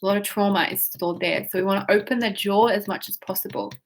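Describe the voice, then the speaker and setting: A woman's voice: medium pitch, fairly even intonation. A woman leading a guided tapping and breathing exercise, giving instructions and speaking emotional phrases for listeners to repeat. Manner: slow, guiding, with yawns and whiny repeated phrases. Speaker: tapping practitioner.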